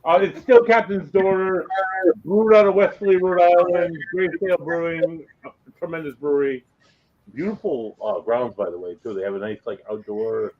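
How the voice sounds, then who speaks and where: Man, casual chat, rambling, digressive, somewhat high voice, dull lo-fi sound. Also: moderate pace.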